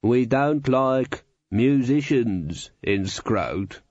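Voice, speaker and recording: Casting: slow, deep, menacing villager, put on by a man, storybook, muffled. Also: expressive, darkish tone, no echo. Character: menacing slow-voiced rural male villagers.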